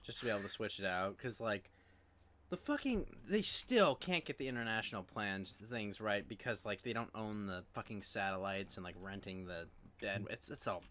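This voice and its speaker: A man's voice: lowish voice, normal speed. A man co-hosting a podcast, ranting casually with lots of swearing and filler likes. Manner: animated ranting, swears often, many likes. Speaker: podcast co-host. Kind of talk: casual chat.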